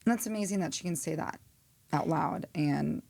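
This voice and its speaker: A woman's voice: sits low, normal speed, gravelly, warm tone. A woman hosting a podcast, asking curious questions in a casual way with many fillers. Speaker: podcast host.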